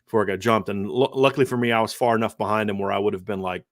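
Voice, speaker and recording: A man hosting a casual sports podcast, talking quickly and acting out other people's quotes. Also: fairly low pitch, no echo, studio quality. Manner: fast, animated, acts out quotes. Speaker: podcast host.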